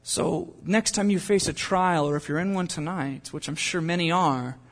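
A man's voice: a little high, normal speed, long reverb tail. A man preaching a sermon in a conversational way, building to impassioned pleas. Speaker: pastor.

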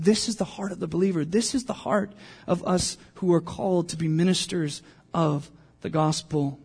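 A man's voice: sits high, normal speed, darkish tone, husky. A young adult man preaching a conversational sermon, joking with the congregation and poking fun at himself. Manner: conversational and self-deprecating, jokes with the congregation. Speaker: pastor.

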